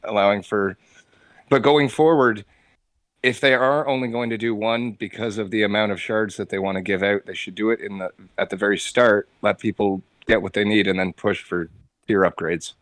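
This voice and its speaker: A man co-hosting a casual gaming podcast, laying out his analysis in a measured way. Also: lowish voice, steady tone, a bit bright, no echo. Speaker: podcast co-host.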